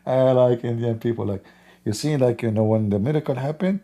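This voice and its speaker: A man's voice: mid-range voice, a little fast, warm tone. A man hosting a livestream, talking in a mocking, sarcastic way. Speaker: host. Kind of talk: livestream commentary.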